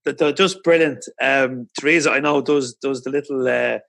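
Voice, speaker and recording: A man's voice: mid-range voice, steady tone, normal speed, vocal fry, fairly bright tone. A man hosting a podcast interview, speaking with enthusiastic praise for his guest. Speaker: podcast host. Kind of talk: casual interview.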